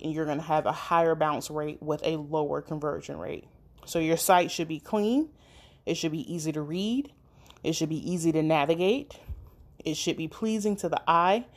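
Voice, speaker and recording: A woman giving practical, direct advice on running a business website, with occasional fillers. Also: sits low. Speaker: business coach. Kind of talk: instructional talk.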